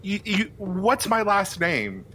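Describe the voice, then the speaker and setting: A man's voice: high-pitched, very animated, slow pace, sharp tone, slight background noise. A man playing a flustered TaskRabbit worker in an improvised comedy scene, stammering and breaking into laughter.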